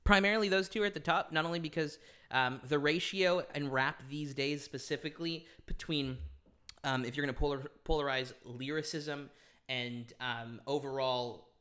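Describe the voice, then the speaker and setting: A young man, a podcast guest, chatting casually, animated, laughing often and restarting his sentences with many ums. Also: on the high side, normal speed. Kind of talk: casual chat.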